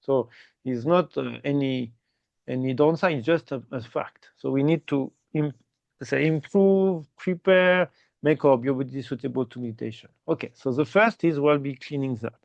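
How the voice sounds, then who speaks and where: A man teaching meditation in slow, simple English with small grammar slips, checking in often with "okay?". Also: mid-range voice, creaky, darkish tone, no echo, dull audio. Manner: explains slowly and repeatedly, ending phrases with "okay?". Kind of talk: guided meditation instruction.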